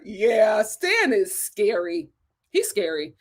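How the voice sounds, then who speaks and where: A young woman with a high voice hosts a casual live stream. She talks in a chatty, animated way, reads out viewer comments, thanks people by name and laughs often. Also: slow pace. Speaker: live-stream host reviewing a reality show.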